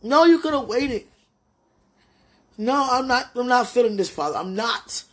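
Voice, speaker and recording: A woman's voice: a little high, animated, normal speed, fairly bright tone. A woman praying aloud to God in a pleading, tearful way, her voice breaking and sometimes falling to a whisper. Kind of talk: emotional spoken prayer.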